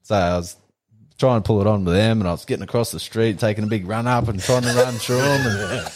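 A man's voice: lowish voice, fast talker, heavy background noise. A man with an Australian accent, a podcast guest and former athlete, telling stories in a laid-back, sweary way. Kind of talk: casual chat.

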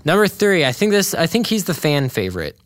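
A man's voice: on the high side, big pitch swings, fairly quick, dry recording, clean studio sound. A young man co-hosting a podcast, chatting casually about a cartoon, rambling with frequent laughs and fillers. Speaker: podcast co-host.

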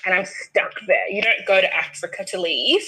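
A young Australian woman telling a story in casual chat, animated and laughing often as she acts out the people in it. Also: medium pitch, moderate pace, slightly rough, low-quality recording.

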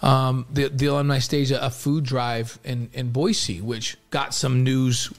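A man's voice: medium pitch, level tone, a little slow. A man co-hosting a studio talk show, chatty and often restarting his phrases. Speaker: co-host. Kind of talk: casual studio conversation.

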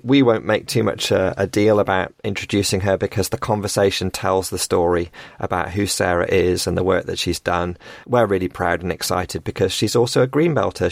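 A man co-hosts a podcast in an easygoing, affirming way. His voice is lowish and gravelly, recorded close and dry with no room sound. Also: normal speed, hardly any pauses, no echo. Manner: easygoing, affirming, some stumbles. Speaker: podcast co-host. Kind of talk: casual podcast chat.

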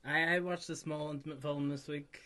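A man's voice: fairly high pitch, fairly even intonation, brisk, pushed and bright. A man co-hosting a podcast, chatting casually and teasing his friends about films. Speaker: podcast co-host. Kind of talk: casual film chat.

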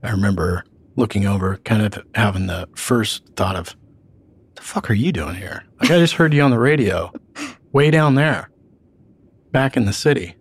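Man, police detective, low pitch, husky, quick candid talk, casual swearing. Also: expressive, no echo. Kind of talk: recounting a police incident in an interview.

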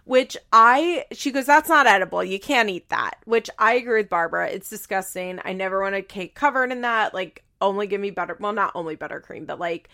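A woman's voice: mid-range voice, a little fast, hardly any pauses, sharp tone. A young woman hosting a podcast, casually recapping a reality show in a gossipy, swearing, chatty way. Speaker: podcast host.

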